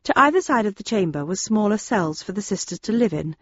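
A woman's voice: medium pitch, expressive, brisk, a bit bright, breathy edge, no echo, lo-fi sound. A woman narrating a novel in the first person, in a dry, wry storytelling manner. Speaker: audiobook narrator.

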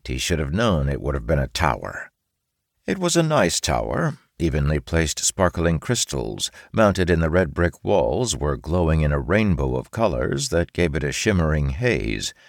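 Male audiobook narrator, very deep voice, gravelly, lively pitch, dry close mic. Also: no echo.

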